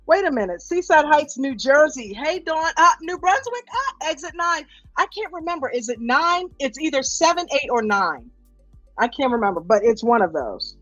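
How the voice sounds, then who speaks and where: Lively woman stream host, animated pitch, dry dull lo-fi audio with faint music under it. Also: normal speed, no room sound. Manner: upbeat, greets viewers by name. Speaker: livestream host. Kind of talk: casual live stream chat.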